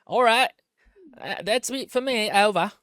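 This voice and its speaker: A man's voice: high voice, a little slow, pushed and bright, pitched above the performer's own voice. A man playing an old-timey British wartime pilot, signing off radio calls in a put-on British accent. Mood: jaunty.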